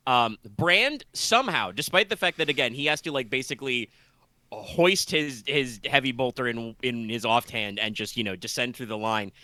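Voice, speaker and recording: Bright-voiced rambling man running a game. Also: mid-range voice, expressive, normal speed, no echo. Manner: rambling, loose, full of fillers and restarts. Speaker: game master. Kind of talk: narrating a tabletop game.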